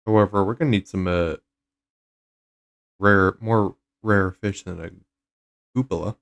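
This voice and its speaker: A man with a very deep voice hosts a casual gaming stream. He talks through the game in a loose, rambling way, pausing on fillers as he explains. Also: steady tone. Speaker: streamer host.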